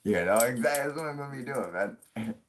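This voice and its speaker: A man's voice: medium pitch, animated, a little fast, slight background noise. A man in his late thirties hosting a live stream, rambling casually with constant swearing and laughter. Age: 30s. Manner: crude, profanity-heavy rambling with frequent laughs; puts on a yelling grumpy old man for jokes.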